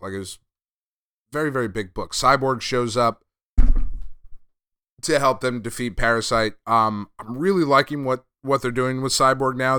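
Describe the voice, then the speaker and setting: A man's voice: medium pitch, pushed and bright, clear, resonant tone, dry recording, clean studio sound. A man hosting a podcast, casually recapping and reviewing a comic, laid-back and a bit profane. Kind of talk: casual chat.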